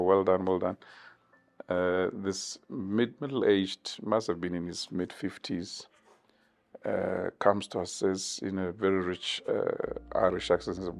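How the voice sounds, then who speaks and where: A man in his fifties from South Africa, giving measured, thoughtful interview answers with many pauses. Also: sits low, vocal fry. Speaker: interview guest.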